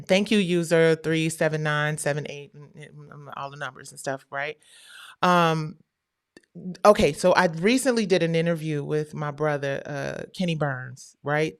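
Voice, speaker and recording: Smooth low-voiced woman chatting on a livestream. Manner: animated, slangy and chatty. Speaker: livestream host. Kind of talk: casual livestream chat.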